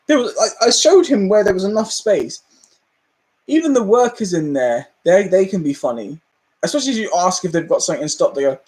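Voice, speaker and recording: A man's voice: sits high, sing-song, a little fast, darkish tone. A man with a British accent hosting a live stream, ranting casually, laughing often and acting out the people in his stories. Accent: British English.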